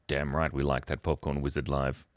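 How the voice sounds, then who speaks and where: A man's voice: a bass voice, little pitch movement, normal speed, no echo, clean studio sound. A man hosting a casual livestream chat, playful and silly, often giggling. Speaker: livestream host.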